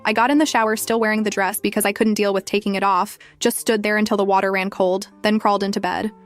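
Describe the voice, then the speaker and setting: A young woman narrating a scripted first-person story in a brisk, dramatic way. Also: mid-range voice, little pitch movement, soft background music.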